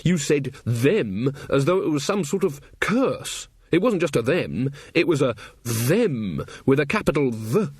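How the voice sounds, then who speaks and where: A man's voice: fairly high pitch, sing-song, unhurried, darkish tone, breathy edge, no room sound, heavily acted. A man doing a snappy young witch woman. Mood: indignant. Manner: snappy, indignant. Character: touchy young female witch, indignant.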